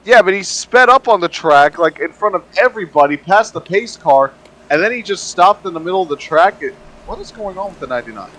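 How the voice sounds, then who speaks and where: A man co-commentating a sim race with joking banter and lively race calls. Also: high-pitched, a little fast, low-quality recording. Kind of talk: casual sim-racing commentary.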